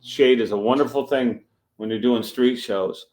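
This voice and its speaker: A man spinning a street-performing story with lively energy, slipping into the voices of the people in it. His voice sits in an ordinary middle register, and he talks in a loose, conversational way. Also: mid-range voice, moderate pace. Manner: animated storyteller acting out dialogue. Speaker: street magician guest. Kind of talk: storytelling in a casual interview.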